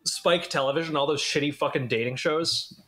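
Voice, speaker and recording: A man hosting casual podcast chat, laid-back, swearing often and tossing in quick jokes. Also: on the high side, pushed and bright. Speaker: podcast host.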